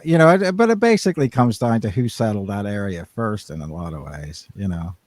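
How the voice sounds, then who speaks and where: A man's voice: fairly low pitch, lively intonation, brisk, darkish tone. A man co-hosting a podcast, talking casually in long, rambling turns full of restarts. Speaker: podcast co-host. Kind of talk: casual chat.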